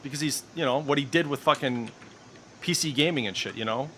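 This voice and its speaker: A man's voice: mid-range voice, fairly quick, a bit bright, a little hiss or hum. A middle-aged man streaming in casual voice chat, ranting with heavy profanity and strong opinions.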